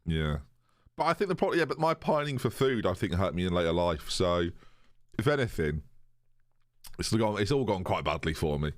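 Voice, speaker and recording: A man's voice: deep voice, very animated, moderate pace, no echo, studio quality. A young man casually chatting with his live-stream viewers, joking and reading their messages aloud. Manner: chatty, jokey, reads chat aloud.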